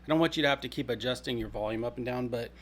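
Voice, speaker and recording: A man casually vlogging through a camera review, chatty and relaxed and laughing easily, recorded on a built-in action camera mic. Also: medium pitch, rapid-fire. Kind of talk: casual vlog chat. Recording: noisy outdoor action-camera audio.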